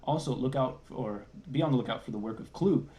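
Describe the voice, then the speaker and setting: A man's voice: mid-range voice, a little fast, mellow, a little hiss or hum. A man, a services and support minister, reading church announcements in an upbeat, enthusiastic way over a video call.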